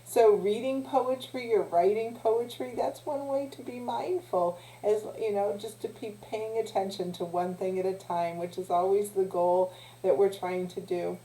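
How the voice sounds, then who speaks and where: A woman teacher leading a children's lesson, talking in a gentle, encouraging way with small pauses and restarts. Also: mid-range voice, fairly even intonation. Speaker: youth teacher. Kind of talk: children's lesson, guided breathing. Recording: echoey room.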